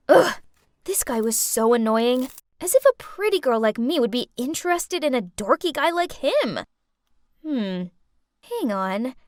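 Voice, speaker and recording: Speaking as a talkative, theatrical teen, a woman narrates a personal storytime, her high voice ranging widely. It's recorded up close, completely dry, with no echo.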